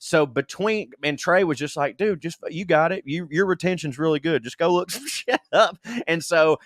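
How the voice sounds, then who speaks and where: A man's voice: fairly high pitch, moderate pace, fairly bright tone, dry recording, clean studio sound. A self-deprecating man co-hosting a comedy podcast, reading listener emails aloud with laughs and comic asides. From Southern United States. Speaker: podcast co-host.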